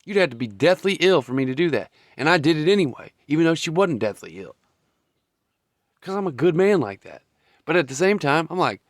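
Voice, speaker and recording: A man's voice: a little high, big pitch swings, a little fast, dry recording, studio quality. A man giving a blunt, profane, heated monologue as a vlogger. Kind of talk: ranting monologue.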